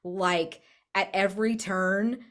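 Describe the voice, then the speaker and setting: A woman gushing in casual chat after a tabletop game session, excitable and swearing freely. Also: mid-range voice, slow.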